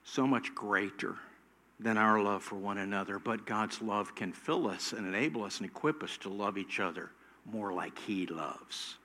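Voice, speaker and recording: A middle-aged male pastor preaching a sermon slowly and emphatically, his voice swelling louder at high points.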